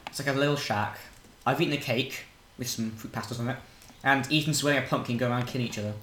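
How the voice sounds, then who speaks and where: Brash lad gaming in a roomy room. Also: male voice, mid-range voice, steady tone, fast, fairly bright tone. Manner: joking, crude, playing up a brash persona. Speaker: gamer. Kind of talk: casual gaming chat. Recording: roomy home mic with faint noise.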